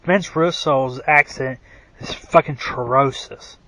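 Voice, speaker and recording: A man's voice: mid-range voice, slow, a bit bright, no room sound, low-quality recording. A man ranting in a rambling, profane monologue, full of fillers and restarts, who says his own voice is bad. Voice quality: self-described bad voice. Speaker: wrestling commentary vlogger.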